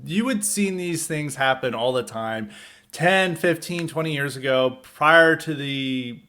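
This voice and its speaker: A male podcast host giving a casual, rambling commentary, his sentences broken up by constant fillers. His tone is scornful as he retells a story. His voice sits a little higher than most men's. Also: measured pace, sharp tone.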